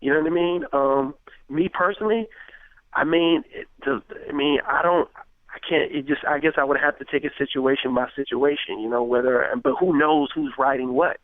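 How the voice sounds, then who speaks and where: A man's voice: on the high side, moderate pace, no room sound. A man in his thirties, a rapper, talking casually in an interview with lots of fillers, acting out quoted conversations. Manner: animated, acts out quoted dialogue, many fillers. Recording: tinny phone-like radio sound.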